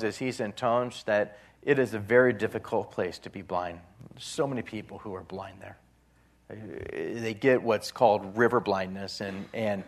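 A lowish-voiced man preaches, bringing a Gospel story to life by speaking as its characters and letting his volume surge and drop.

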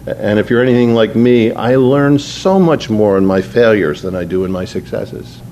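A man's voice: lowish voice, moderate pace, dark tone, a little hiss or hum. A man preaching a sermon in an earnest, conversational way, slipping into spoken prayer. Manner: earnest, conversational, prays aloud mid-sermon.

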